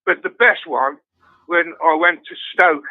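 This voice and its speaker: A man's voice: on the high side, steady tone, a little slow, dry recording. An older man in casual chat, telling stories with lots of swearing and laughter. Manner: swears constantly, storytelling with laughs. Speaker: guest fan. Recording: dry tinny phone line.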